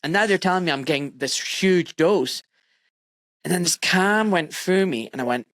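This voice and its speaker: A man's voice: sits high, expressive, normal speed, fairly bright tone, no room sound, studio quality. A man in his forties, a podcast host, telling a heartfelt personal story in casual chat and acting out his own quotes. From United Kingdom. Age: 40s.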